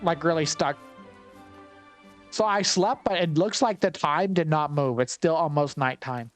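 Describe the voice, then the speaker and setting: Male gameplay commentator, wry and chatty, thinks aloud, slightly high voice. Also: unhurried, soft background music.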